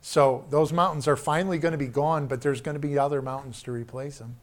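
An older man preaching a sermon to his congregation, often dropping his voice low and then rising to loud, urgent emphasis. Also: a little fast, few pauses. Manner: animated preaching, shifts from soft to loud.

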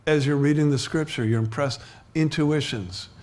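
A man preaching a sermon in a relaxed, conversational way, often restarting his sentences and chuckling between points. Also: on the high side, normal speed. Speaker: pastor.

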